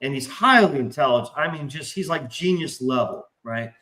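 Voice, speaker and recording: A man's voice: on the high side, normal speed. A man in casual chat, telling profane, rambling stories and acting out quoted voices. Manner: animated, acts out quoted voices. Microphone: remote stream call mic. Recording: roomy echo.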